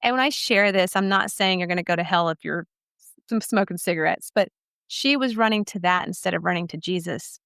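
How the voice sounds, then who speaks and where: A woman's voice: lowish voice, brisk, gravelly, a bit bright, no echo, studio quality. A woman from Texas, a podcast guest telling her life story in an earnest, emphatic way. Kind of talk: personal testimony storytelling.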